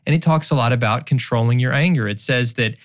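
A man's voice: mid-range voice, quick pace. A man in his forties co-hosting a marriage podcast, earnestly explaining with analogies in casual talk. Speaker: podcast co-host. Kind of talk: casual marriage advice chat.

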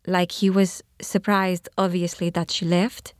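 A young woman testifying as a witness in court, answering in a halting, hesitant way. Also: on the low side, flat delivery, no room sound, clean studio sound. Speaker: trial witness.

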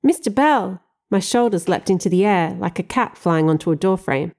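A woman reads a first-person audiobook with wry, expressive delivery. Her voice sits fairly low for a woman and has a soft, mellow tone. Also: brisk, vocal fry. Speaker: audiobook narrator.

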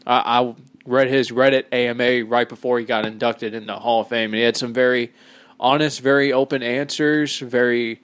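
Wrestling podcast guy doing the news bit, dry close sound, wry and brisk. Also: mid-range voice, level tone, fairly bright tone, clean tone, dry recording. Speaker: podcast co-host reading news segment. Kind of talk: casual wrestling chat and news rundown.

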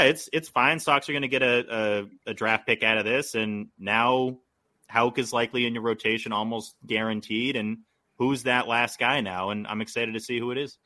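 A man's voice: mid-range voice, bright, forceful tone. A man talking casually as a podcast guest, rambling with many likes and restarts.

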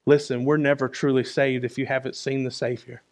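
A man preaching a sermon in a conversational way, often asking "right?" and moving between loud and soft. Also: medium pitch, level tone, fairly quick. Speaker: pastor.

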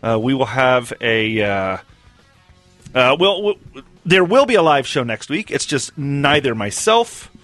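A man's voice: mid-range voice, sing-song, a little slow, fairly bright tone, dry recording, faint music behind. A man hosting a radio show in casual chat, full of wry, teasing banter. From American South.

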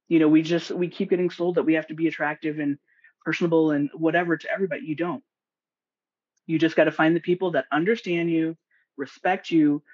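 A woman's voice: sits low, breathy edge, muffled recording. A woman guest on a podcast, a nurse practitioner and investor, speaking in a direct, outspoken way and laughing often. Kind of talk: casual podcast conversation.

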